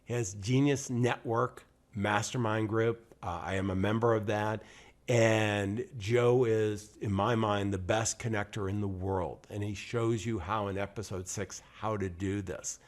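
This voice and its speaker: A man in his sixties from upstate New York, hosting a podcast and telling an earnest story with pauses and emphasis. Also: fairly low pitch, fairly even intonation. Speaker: podcast host. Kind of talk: scripted-sounding monologue introducing a show.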